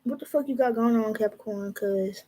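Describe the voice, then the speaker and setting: A woman's voice: on the high side, normal speed, warm tone, poor audio. A young woman giving a casual, profane tarot reading, talking straight to her viewers. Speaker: tarot reader.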